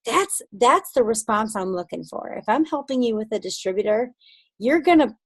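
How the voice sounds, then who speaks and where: A woman's voice: fairly high pitch, animated, normal speed, breathy edge, no room sound. A woman coaching her sales team in a casual talk. She acts out phone conversations and often checks that her listeners follow.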